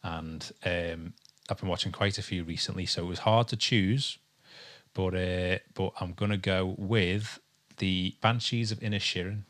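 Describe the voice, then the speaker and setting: A man's voice: low-pitched, steady tone, measured pace, fairly bright tone. A young man from England co-hosting a podcast in casual chat, rambling and hesitant with lots of ums. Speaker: podcast co-host.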